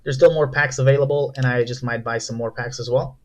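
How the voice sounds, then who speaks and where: A man's voice: medium pitch, steady tone, brisk, muffled recording. A young man casually rambling through a card unboxing, profane and self-mocking. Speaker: vlogger.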